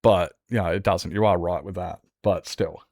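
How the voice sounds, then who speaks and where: A man's voice: deep voice, normal speed, darkish tone, no room sound, studio quality. A man streaming a game, chatting casually in a rambling way, answering chat with many restarts. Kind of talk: casual chat while gaming.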